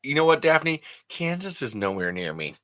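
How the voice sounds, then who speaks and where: A man's voice: medium pitch, very animated, normal speed, a bit bright. A man hosting a podcast, rambling and affectionate as he chats with listeners. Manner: rambling, affectionate, swears, restarts. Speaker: podcast host. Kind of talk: casual chat reading comments.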